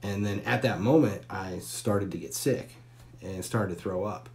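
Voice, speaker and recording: A man in his forties with a deep, low voice spins a long personal story on a live stream. He talks casually and bluntly, swearing freely and stretching the tale out with pauses and fillers. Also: creaky, a little mellow. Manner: candid, profane, drawn-out story with pauses and fillers.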